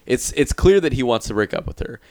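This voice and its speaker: A man's voice: mid-range voice, animated, fast talker, a little mellow, no room sound. A man in casual chat giving blunt opinions, with casual swearing.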